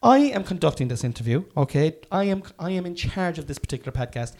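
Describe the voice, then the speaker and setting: A man's voice: on the high side, very animated, fast talker, darkish tone. A man hosting a casual podcast, joking and mock-stern as he swears freely. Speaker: podcast host.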